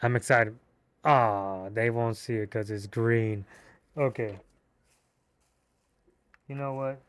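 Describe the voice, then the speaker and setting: A man giving a casual movie review, excitable and slangy, with cursing and rambling restarts. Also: medium pitch, slow pace, clean tone, no room sound.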